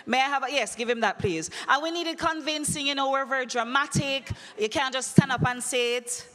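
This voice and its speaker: A woman hosting a quiz at a conference, teasing the crowd in a playful, animated way. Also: high-pitched, a little fast. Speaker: conference emcee running a quiz. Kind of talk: lively live event hosting. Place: large conference hall. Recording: long echoey hall reverb.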